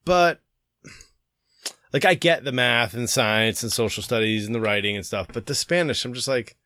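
A man's voice: medium pitch, normal speed, bright, forceful tone. Wry, rambling man on a podcast. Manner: wry, rambling, mildly exasperated. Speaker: podcast co-host. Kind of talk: casual chat.

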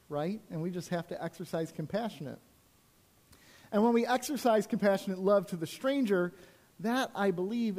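A man's voice: high-pitched, a little mellow. A man preaching a sermon as a pastor, telling personal stories in a conversational way with frequent asides to the congregation.

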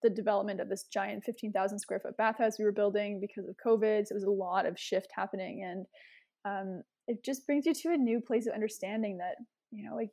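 A young woman telling a story as an interview guest, animated, with many fillers. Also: mid-range voice. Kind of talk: casual interview chat.

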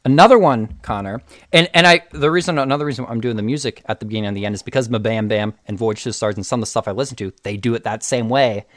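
A man's voice: medium pitch, quick pace, hardly any pauses, dry recording, studio quality. A young man co-hosting a podcast, chatting casually and rambling with frequent restarts. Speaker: podcast co-host. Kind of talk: casual chat.

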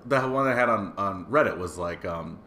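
Opinionated podcast guy, swears a lot, bright tone, echoey room. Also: low-pitched, normal speed. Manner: animated, profane, opinionated. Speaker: podcast co-host. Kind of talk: casual podcast chat. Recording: roomy echo.

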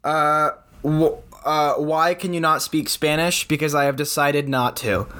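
A man's voice: a little high, fairly even intonation, sharp tone, a little hiss or hum. A young man co-hosting a podcast in casual chat, goofy and joking. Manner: goofy, joking, deliberately unhurried. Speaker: podcast co-host.

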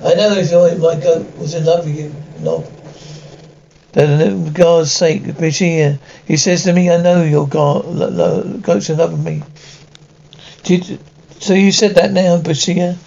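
An actor voicing a crude villager who tells a bawdy tale in a rough, indignant way in an animated series, heard in muffled, lo-fi film audio. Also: male voice, on the high side, unhurried. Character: crude coarse male villager telling a bawdy tavern tale.

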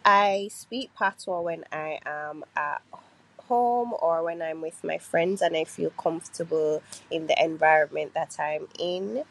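Jamaican woman, very low register, sincere and thoughtful answers. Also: a little slow, gravelly, fairly bright tone, low-quality recording. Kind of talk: recorded answers to podcast questions.

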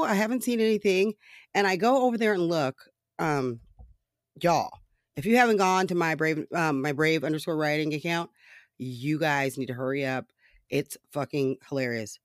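A man with a fairly high voice rants about politics alone on his podcast, casually and sarcastically, with lots of swearing, frequent laughs and filler-laden rambling. The recording is dry and clean, studio style.

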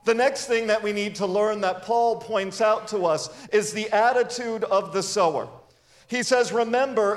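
Male pastor, high voice, earnest conversational sermon delivery. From grew up in a church with many missions givers. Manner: earnest, conversational preaching with personal stories.

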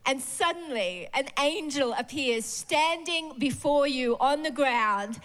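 A woman's voice: sits high, expressive, slow pace, few pauses, fairly bright tone. A woman preacher giving a sermon in a church service. She talks expressively and animatedly and often laughs.

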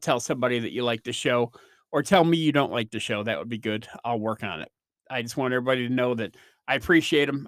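A man's voice: medium pitch, a bit bright, no room sound, studio quality. Rambling, self-deprecating male podcaster. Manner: rambling, self-deprecating storytelling with frequent fillers. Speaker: podcast host. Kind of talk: casual solo podcast monologue.

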